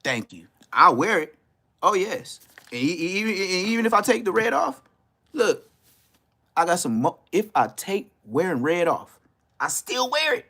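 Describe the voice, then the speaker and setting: His pitch swings widely at a normal speed as this fifty-something Angeleno roasts people on a YouTube live stream. The LA-accented street talk is loud and mocking, full of laughter and high-pitched outbursts.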